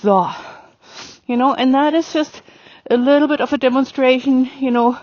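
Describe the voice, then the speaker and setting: A woman's voice: sits high, fairly even intonation, brisk, a little mellow, dry recording, highs cut off. A woman riding instructor talking through a demonstration on horseback outdoors, chatty with lots of fillers, calling commands to her horse.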